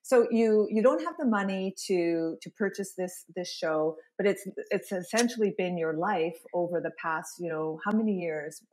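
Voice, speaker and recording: Low-voiced woman hosting an interview. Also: moderate pace, hardly any pauses, a little mellow, slight background noise. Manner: encouraging, recaps the guest's story back to her. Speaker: podcast host, interviewer. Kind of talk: conversational interview.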